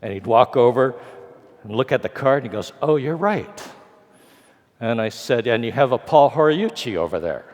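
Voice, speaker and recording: A man's voice: mid-range voice, animated, brisk, darkish tone. A man in his sixties from California, telling a story in a lecture with wry, dry humor and acting out the dialogue. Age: 60s. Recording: long reverb of a large hall.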